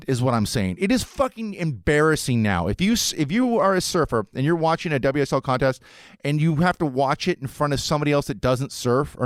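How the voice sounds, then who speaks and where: A man's voice: medium pitch, smooth, dry recording, clean studio sound. A man hosting a podcast, ranting in a casual, rambling, sarcastic way and swearing often. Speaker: podcast host.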